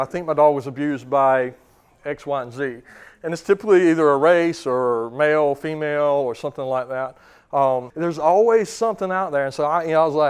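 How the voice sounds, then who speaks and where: A man in his thirties gives a relaxed training seminar in a slightly high voice. He chats more than lectures, restarts sentences and tosses questions to the room. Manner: casual, quizzes the audience, many fillers and restarts. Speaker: dog trainer. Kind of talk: seminar talk to clients.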